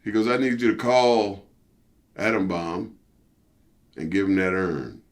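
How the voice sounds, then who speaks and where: A middle-aged man, a former pro wrestler, telling stories in a casual interview, animated and profane, peppered with "you know" and "see". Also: measured pace. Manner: animated storyteller, jumps high for quoted outbursts.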